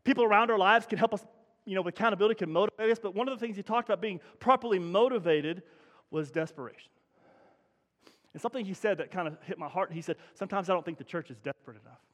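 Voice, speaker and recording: A man's voice: high voice, quick pace, fairly bright tone, in a large hall. A middle-aged man, a pastor, preaching a sermon in a conversational way that climbs into emphatic bursts, recorded in a church. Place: church sanctuary.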